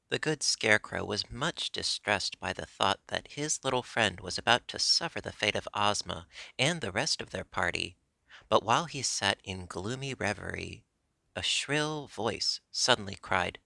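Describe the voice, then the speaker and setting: A man reading a children's story aloud in an expressive, animated manner, recorded close in a dry room. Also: low-pitched, normal speed, creaky, no echo. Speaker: audiobook reader. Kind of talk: storybook narration.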